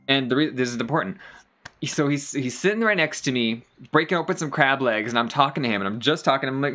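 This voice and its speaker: Rambling, animated let's play gamer. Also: mid-range voice, quick pace. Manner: rambling, animated, self-deprecating. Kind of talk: casual gameplay commentary and storytelling.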